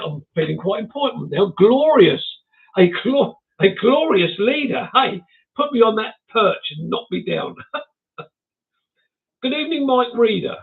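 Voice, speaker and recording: A man's voice: high voice, vocal fry. An older man hosting a casual livestream chat, reading out viewer comments with chuckles and self-mocking asides. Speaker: livestream host. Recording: tinny phone-like sound.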